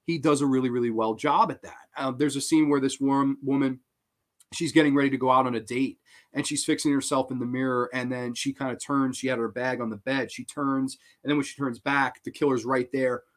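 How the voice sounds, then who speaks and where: A man hosting a horror film review show, talking casually in an excitable, profane way. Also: mid-range voice, brisk.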